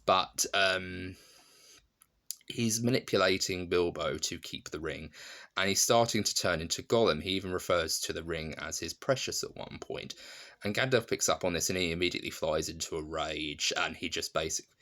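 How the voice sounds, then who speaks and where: A man's voice: low-pitched, moderate pace, a bit bright. A man giving a casual, rambling spoken film review, full of restarts and fillers, fond and enthusiastic about the film. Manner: rambling, many restarts and "you know" fillers.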